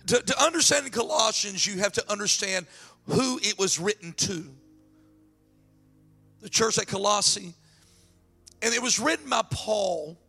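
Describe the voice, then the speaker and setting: A man preaching a sermon and telling a story, excitable and repeating words as he builds up, his throat strained. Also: high voice, creaky. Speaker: pastor.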